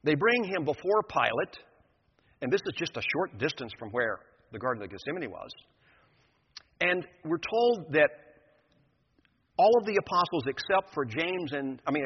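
An older male preacher tells a scripture story in an emphatic, storytelling way, his voice husky and of middling pitch. The sound is dull and lo-fi, with a long reverb from a large hall. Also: big pitch swings, moderate pace, pauses often. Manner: vivid storytelling, emphatic, acting out the scene. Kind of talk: sermon retelling a scripture story.

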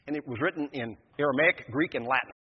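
An older male preacher tells a scripture story in an emphatic, storytelling way, his voice husky and of middling pitch. The sound is dull and lo-fi, with a long reverb from a large hall. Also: fast talker. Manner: vivid storytelling, emphatic, acting out the scene. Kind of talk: sermon retelling a scripture story.

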